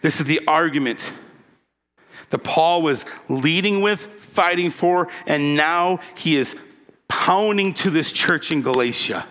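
A man's voice: a little high, unhurried, a bit bright. A male pastor preaching an impassioned, emphatic sermon and calling for responses from his congregation. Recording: long reverb of a large hall.

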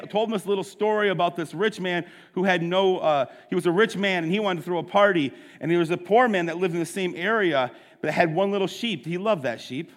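A man's voice: sits high, a bit bright, long reverb tail. A man preaching a sermon, retelling a story casually with asides to his listeners. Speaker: pastor.

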